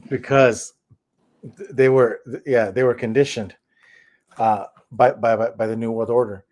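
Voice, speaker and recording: A man hosting a casual streamed discussion, his speech rambling and full of restarts. He talks at a middle pitch and keeps circling back to build on his point. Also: fairly even intonation, a little slow, darkish tone. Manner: rambling, with many restarts and fillers. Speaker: host.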